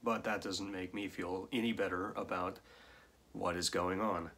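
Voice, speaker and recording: A man talks through a film's plot in a casual review, pausing for dry, sardonic asides. His voice sits a little low, and he speaks slowly and deliberately. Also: fairly even intonation, a bit bright, a little hiss or hum. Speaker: film reviewer.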